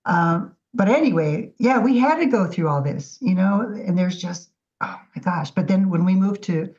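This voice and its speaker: A woman guest artist telling her story in a casual, animated interview. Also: on the low side, normal speed. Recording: dull lo-fi audio.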